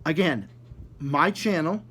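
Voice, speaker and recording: A man's voice: a little high, lively intonation, takes it slowly, sharp tone, husky. Man, angry profane rant, raised voice, sarcastic, repeats himself, swears nonstop. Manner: heated, swears constantly, repeats words; mocking, sarcastic. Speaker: vlogger ranting to viewers.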